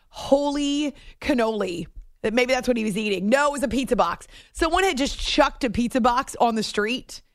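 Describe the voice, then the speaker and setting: A middle-aged woman hosting a late-night sports radio show, chatty and animated, in a studio. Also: mid-range voice, no room sound. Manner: chatty, animated storytelling with laughs and restarts. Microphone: studio microphone.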